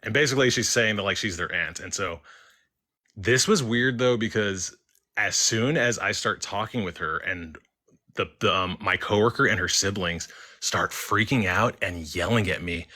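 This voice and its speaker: A man's voice: lowish voice, normal speed. A young man telling a personal ghost story in casual chat on a live stream, acting out the voices he quotes. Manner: animated, acts out quoted voices. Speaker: caller sharing a story.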